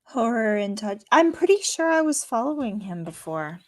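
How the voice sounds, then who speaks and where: A woman's voice: a little high, big pitch swings. Easygoing woman horror co-host. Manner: easygoing, quick to agree, short replies. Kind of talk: casual livestream chat.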